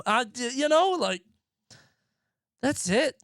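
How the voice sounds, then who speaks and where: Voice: high-pitched, sing-song, takes it slowly, fairly bright tone, dry recording. A streamer in their thirties from the United States, chatting casually with live viewers in a rambling, profane way and laughing often.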